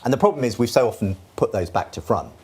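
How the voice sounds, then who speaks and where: A man on a discussion panel who speaks earnestly and reflectively, letting his voice drop softer on key words. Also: medium pitch, expressive, fast talker, breathy edge. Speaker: Christian panelist.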